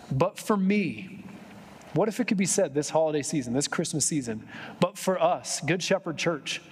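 A man's voice: a little high, slightly rough, in a large hall. A male pastor preaching a sermon in a church, talking conversationally with joking asides and building to impassioned emphasis. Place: church sanctuary.

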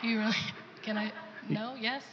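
A woman's voice: fairly high pitch, steady tone, moderate pace, in a large hall, dull audio, a little hiss or hum. A woman sharing an earnest testimony in a church service, now and then acting out the voices of people she quotes. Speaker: pastor's wife sharing testimony. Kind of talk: sermon testimony.

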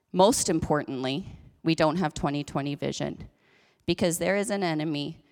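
A woman pastor preaching a sermon in a church, conversational and chatty, with self-deprecating asides. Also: fairly low pitch. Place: church sanctuary. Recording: echoey church hall.

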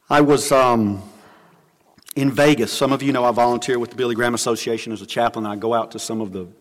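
A man preaching a sermon as pastor, earnest, dropping low and soft for scripture and stories. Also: in a large hall. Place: church sanctuary.

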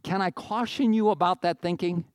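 A middle-aged man preaching a sermon, animated, with jokey asides and quoted voices acted out. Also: high-pitched, normal speed, clean tone, no room sound, studio quality. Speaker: pastor.

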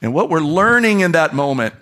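Brief: hoarse male pastor, higher-pitched, chatty sermon in church. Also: sing-song, brisk, fairly bright tone. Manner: conversational preacher with restarts and asides. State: hoarse from a throat issue.

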